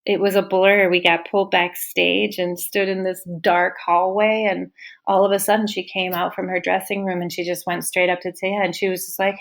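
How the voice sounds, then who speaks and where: A woman with a low, gravelly voice tells a personal story as a podcast guest. She speaks with open, heartfelt emotion and acts out the people in her story, and at times she is close to tears. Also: a bit bright. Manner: heartfelt, openly moved, retelling with quoted dialogue. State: tearful at times. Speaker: teacher and parent guest.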